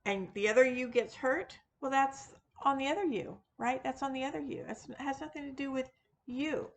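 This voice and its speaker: A woman's voice: high-pitched, normal speed. A woman talking casually to her viewers, rambling with many fillers and restarts and poking fun at herself. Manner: rambling, frequent fillers and restarts, self-deprecating. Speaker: witchcraft video host; teacher of classes. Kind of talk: casual unscripted monologue.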